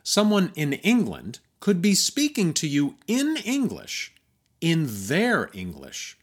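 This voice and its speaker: Animated American man narrating a podcast. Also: fairly high pitch, slow pace. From United States. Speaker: podcast host.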